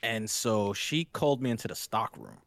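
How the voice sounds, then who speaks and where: A young man hosting a podcast, telling a crude story in a casual, profane, animated way and acting out the scene. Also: lowish voice, moderate pace, gravelly, dry recording. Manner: animated storyteller, acts out the scene, laughs hard. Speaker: podcast host.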